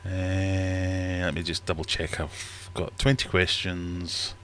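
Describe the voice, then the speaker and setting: Deep guy rambling away on his livestream, self-deprecating and casual. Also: level tone, slow, fairly bright tone, slight background noise. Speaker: livestream host. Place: home fish room.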